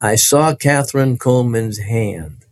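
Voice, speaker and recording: A man's voice: mid-range voice, unhurried, no echo. Earnest man telling a faith story. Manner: earnest, vivid storytelling with many restarts. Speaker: guest telling his testimony. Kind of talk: personal faith testimony in conversation.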